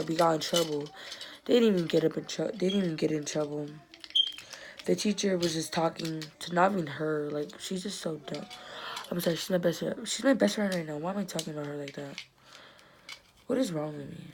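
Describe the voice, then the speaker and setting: With a noisy background behind her, a teenage girl speaks briskly in a low voice, telling a rambling, chatty storytime about her school friends and acting out what they said.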